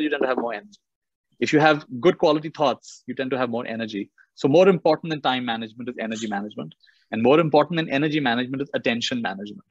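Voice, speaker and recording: Brief: brisk male motivational speaker, dry dull call audio, repeats phrases. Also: mid-range voice, no echo. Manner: storytelling, repeats key phrases for emphasis. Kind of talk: motivational talk on a video call.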